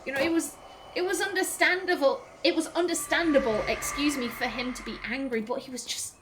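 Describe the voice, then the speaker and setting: A woman's voice: sits high, fairly quick, noisy background. A woman giving casual, chatty gameplay commentary as a let's play host, politely apologizing to game characters.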